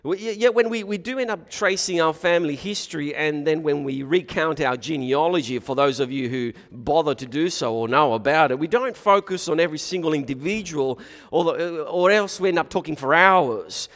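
A man's voice: fairly high pitch, moderate pace, hardly any pauses, a bit bright, in a large hall. A man preaching a sermon, often restarting his phrases. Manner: hesitant, frequent restarts.

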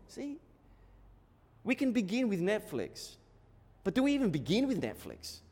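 A man preaching a sermon with great emphasis, going from loud to quiet and acting out the lines he quotes. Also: sits high, huge pitch swings, measured pace, pauses often. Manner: emphatic, swings between loud and soft. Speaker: pastor. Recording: long reverb of a large hall.

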